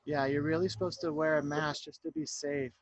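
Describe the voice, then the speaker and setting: A male teacher reading a picture book aloud to young children over a video call from home, narrating in an animated way and checking in with them. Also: a little high, fairly quick, no room sound. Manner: warm, animated storyteller who keeps checking in with the children.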